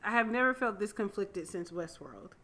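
A woman co-hosting a casual TV review chat, expressive and weighing praise against complaints. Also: mid-range voice. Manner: expressive, laughs easily, measured opinions. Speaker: podcast co-host reviewing a TV series.

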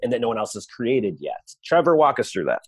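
Man, husky voice, coaching tone, emphatic, drops quiet for asides. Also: mid-range voice, very animated, fairly quick. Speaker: co-host. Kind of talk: casual business chat, coaching tone.

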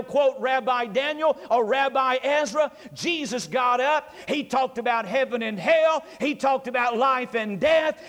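A man's voice: very high voice, fairly bright tone. A pastor, preaching a sermon emphatically and repeating his lines with rising force. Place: church sanctuary. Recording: reverberant church hall.

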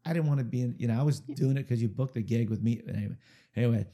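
A man's voice: medium pitch, racing, warm tone. A man, a singer-songwriter guest, telling a rambling story in a casual interview and checking in with the listener as he goes. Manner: chatty, rambling storyteller who keeps checking in with "okay?".

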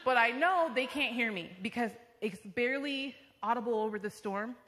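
A woman's voice: fairly high pitch, normal speed, fairly bright tone, a little hiss or hum. A young woman telling her personal testimony to a church congregation, a vivid storyteller with frequent fillers. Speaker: church member giving testimony. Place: church sanctuary. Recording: long reverb of a large hall.

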